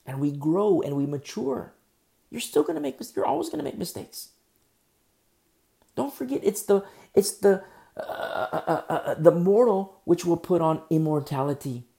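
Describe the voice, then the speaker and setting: Animated and moderately paced, this male pastor's sermon comes in a slightly high voice that is gravelly yet dark and mellow. Strings of emphatic rhetorical questions drive each point home.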